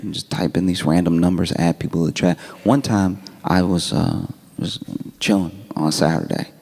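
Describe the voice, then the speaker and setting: A man doing stand-up comedy, telling a story in a conversational, animated way with laughing asides. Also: sits low, moderate pace, gravelly.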